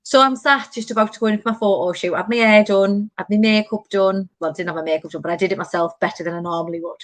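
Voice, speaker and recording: A woman's voice: mid-range voice, fast, no echo. Chatty woman, dry sound. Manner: animated storytelling, many fillers. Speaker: podcast host. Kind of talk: casual chat.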